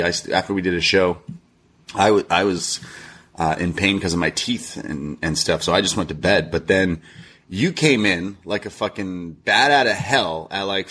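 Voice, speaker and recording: A man with a husky, lowish voice co-hosts a casual podcast. He rambles through a long anecdote, swearing freely and chuckling at himself along the way. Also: a bit bright. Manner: rambling storyteller, swears often, laughs at himself. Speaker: podcast co-host. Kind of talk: casual chat.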